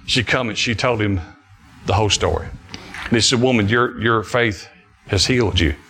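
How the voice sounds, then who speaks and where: Fervent preacher man, bright voice. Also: lowish voice, normal speed, faint music behind. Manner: fervent preaching with repetitions and restarts. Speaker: pastor. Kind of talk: sermon.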